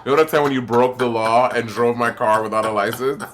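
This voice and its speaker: A man's voice: mid-range voice, steady tone, brisk, a little hiss or hum. A man co-hosting a podcast, teasing and bantering bluntly in casual chat. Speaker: podcast co-host.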